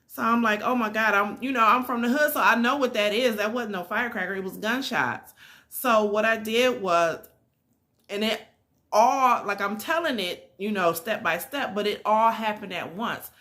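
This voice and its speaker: A woman's voice: mid-range voice, normal speed, sharp tone. A middle-aged woman vlogger telling a personal story in a casual, emphatic way, with fillers.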